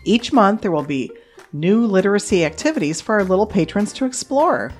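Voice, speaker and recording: A woman from the children's department reading a scripted announcement in a measured way. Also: medium pitch, expressive, soft background music.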